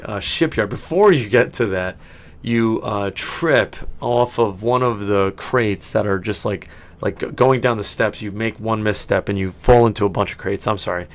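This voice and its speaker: A man running a tabletop game as game master, narrating in a rambling way with many restarts and frequent laughs. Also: fairly low pitch. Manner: rambling, full of fillers and restarts, laughing often.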